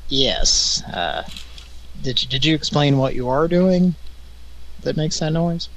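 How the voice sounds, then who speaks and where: Slow-talking, wry male show host. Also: fairly high pitch, slight background noise, poor audio. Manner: wry, deadpan storytelling with profanity. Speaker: prank call show host. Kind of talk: casual live show chat.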